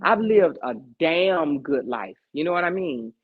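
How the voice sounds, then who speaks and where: A woman's voice: sits low, expressive, measured pace, husky. Emphatic woman host, preachy heart-to-heart advice, rhetorical check-ins, muffled lo-fi recording. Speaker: podcast host. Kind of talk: casual heart-to-heart chat.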